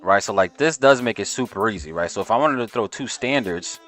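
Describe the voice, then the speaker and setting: A man's voice: fairly low pitch, expressive, a little fast, fairly bright tone. A man giving casual, slangy live trading stream commentary and talking to his chat. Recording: faint music behind voice.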